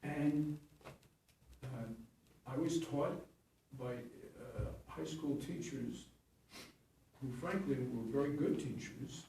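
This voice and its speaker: A man's voice: a little high, slow, vocal fry, warm tone, a little hiss or hum. A man in his seventies, a stage actor and acting teacher, telling rambling anecdotes in an interview, chuckling and correcting himself as he goes. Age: 70s. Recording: echoey room, distant mic.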